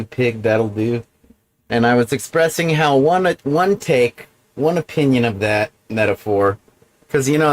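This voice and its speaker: A man of middle pitch hosts a solo livestream and drifts from one tangent to the next. He swears casually and often backs up to restate himself. His delivery stays loose and unhurried. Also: rough recording. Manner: meandering, profane, digressive. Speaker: livestream host. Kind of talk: rambling solo livestream monologue.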